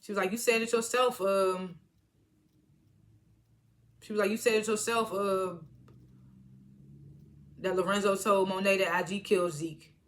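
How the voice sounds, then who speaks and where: Bright-voiced woman recapping a TV episode. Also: mid-range voice, fairly even intonation, a little slow, pauses often. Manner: retells scenes by quoting characters, laughs often; casual slangy talk with frequent swearing. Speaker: TV episode reviewer.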